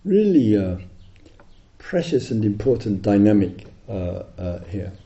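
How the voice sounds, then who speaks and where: A middle-aged man giving a dharma talk as a meditation teacher, telling stories in an animated way and chuckling often. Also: on the low side, unhurried, creaky. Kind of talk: dharma talk to retreat audience. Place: retreat hall. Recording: roomy, slightly dull hall recording.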